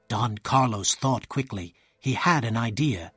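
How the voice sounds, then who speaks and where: A man narrating a story aloud in a clear, measured way, voicing each character in turn. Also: medium pitch, animated, fairly bright tone, no room sound, studio quality, faint music behind.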